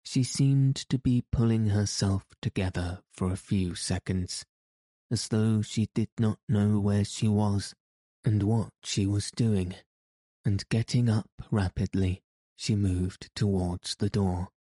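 Male audiobook narrator: measured, unhurried, flat delivery. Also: on the low side, no room sound. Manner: measured, even reading.

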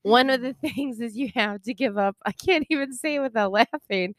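A woman's voice: fairly high pitch, normal speed, few pauses, dry recording, clean studio sound. A woman co-hosting a podcast in casual chat, rambling and laughing often, with casual swearing. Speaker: podcast co-host.

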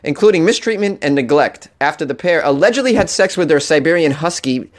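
A man's voice: fairly high pitch, animated, brisk. A man hosting a comedic weird-news show, reading stories and riffing with laughing asides and mock outrage.

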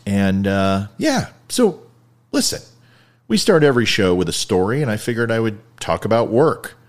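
A man hosting a show, telling a story in a casual, jokey way, swinging between loud bursts and quiet asides. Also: lowish voice, lively intonation, normal speed. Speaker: host.

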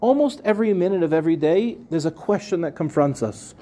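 A male rabbi with a bright, slightly high voice and a fairly quick pace teaches an animated Torah class to people gathered in a room. His manner is conversational, full of questions to listeners and repeated phrases.

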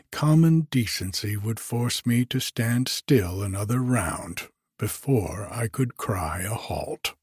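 Male narrator, audiobook reading, slow, husky voice, lively intonation. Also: lowish voice, no room sound, studio quality. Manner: measured, expressive storytelling.

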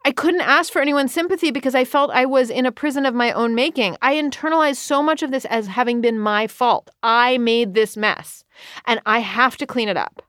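A woman in her thirties, an author, talking candidly in an interview, earnest and quick with frequent restarts. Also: on the high side, a bit bright, clean tone, dry recording, studio quality. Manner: earnest, rushed, many restarts and quoted self-talk.

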